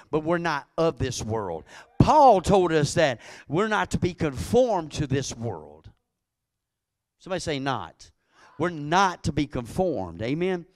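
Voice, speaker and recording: A man preaching a sermon as pastor, calling out to his congregation and building to loud emphatic peaks. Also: on the high side, big pitch swings, unhurried, no echo, clean studio sound.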